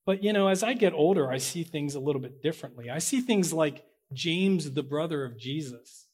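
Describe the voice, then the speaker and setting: A pastor preaching a sermon, slowing down to stress key words, with big swings in loudness, and correcting himself as he goes. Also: on the high side, lively intonation, slightly rough. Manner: corrects himself out loud mid-sentence.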